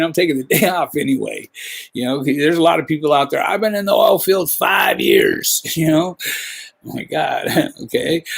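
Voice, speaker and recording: A man's voice: medium pitch, gravelly, husky. A man hosting a podcast, telling a rambling, profane work story in casual talk. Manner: profane, rambling, peppers with "you know". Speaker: podcast host.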